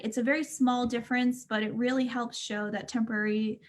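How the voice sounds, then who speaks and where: A woman speaking in a calm, explanatory way as a mental health speaker in a casual discussion. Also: fairly high pitch, a little fast, hardly any pauses.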